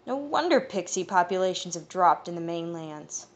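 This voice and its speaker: A woman reading the measured, knowing lines of a calm fae elder man in an audiobook. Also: fairly low pitch. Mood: concerned.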